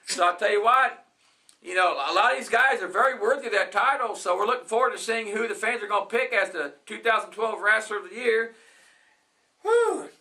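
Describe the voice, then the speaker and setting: Bright, high-voiced rambling wrestling host. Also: male voice, a little fast. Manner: rambling, repetitive promoter talk. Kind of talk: wrestling talk show chat.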